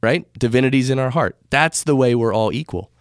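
Hosting a casual podcast on spirituality, a US man rambles and corrects himself as he speaks into a studio microphone. He talks a little fast at medium pitch, and the recording is studio quality with no room sound.

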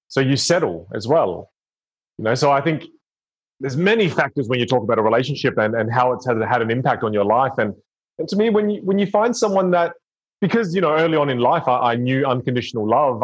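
A man talking earnestly and reflectively in casual conversation, often restarting his sentences. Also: medium pitch. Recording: dull lo-fi sound.

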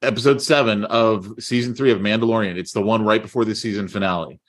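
A man's voice: on the low side, fairly even intonation, quick pace. A man co-hosting a podcast in casual chat, emphatic and repeating his points. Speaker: podcast co-host.

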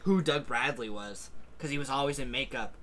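A man's voice: medium pitch, a little fast, a bit bright. A man who is the game master, chatting casually with friends in a laid-back, dry way. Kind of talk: casual chat among friends.

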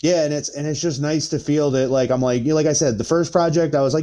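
A man in his thirties telling a story in casual, profane chat, rambling with lots of fillers and getting animated. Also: fairly high pitch, fairly quick, few pauses. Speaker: podcast guest.

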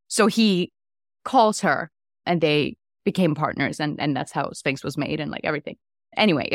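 Animated woman co-hosting a chat podcast. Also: medium pitch, no room sound, studio quality. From Iceland. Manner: animated, many filler "like"s. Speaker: podcast co-host. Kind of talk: casual chat.

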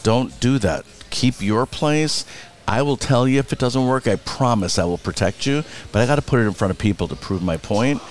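A man being interviewed, telling theater anecdotes in a blunt, animated way, acting out other people's lines and swearing freely. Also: mid-range voice, moderate pace. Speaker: Broadway producer and director, guest. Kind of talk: casual interview storytelling.

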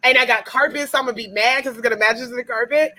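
A young woman chatting casually as a podcast guest, telling stories in an animated way and laughing often. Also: a little high, quick pace. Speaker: guest comedian and cosplayer.

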